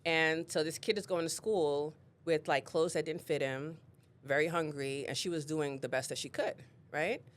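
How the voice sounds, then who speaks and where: A woman who is a guest on an interview show, telling personal stories in an animated way and acting out what people said. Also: sits low, moderate pace. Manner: animated storyteller, acts out quotes. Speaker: guest, real estate leader. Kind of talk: casual interview storytelling.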